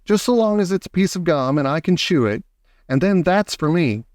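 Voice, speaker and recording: A man's voice: high voice, animated, moderate pace, dry recording, studio quality, pitched above the performer's own voice. Man doing a pushy gum-chewing girl. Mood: bratty. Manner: demanding, loud, bratty.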